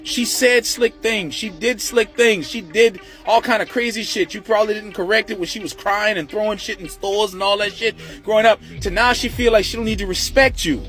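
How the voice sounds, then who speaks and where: High-voiced ranting man. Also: moderate pace, hardly any pauses, faint music behind. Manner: blunt, animated, heavy cursing. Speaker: commentator reacting to a viral video. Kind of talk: profane ranting commentary.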